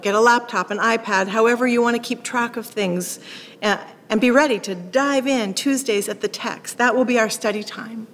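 A woman pastor preaching a sermon, animated, acting out quoted lines with sharp rising questions. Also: medium pitch. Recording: long hall reverb.

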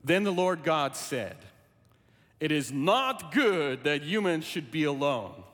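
A man preaching a sermon in a church, speaking earnestly and deliberately, repeating his key phrases. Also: fairly high pitch, lively intonation, fairly bright tone, long reverb tail. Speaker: pastor.

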